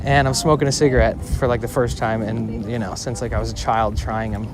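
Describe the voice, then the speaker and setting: A man's voice: mid-range voice, flat delivery, fairly quick, noisy background. A man in his twenties telling a personal story in a casual, rambling way, swearing and saying "like" often while streaming outdoors on a city street. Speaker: IRL streamer.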